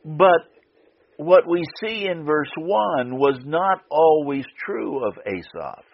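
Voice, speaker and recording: A man preaching a sermon on the radio, slow and deliberate, repeating key phrases for emphasis. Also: a little high, animated, gravelly, slight background noise. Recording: dull lo-fi radio broadcast.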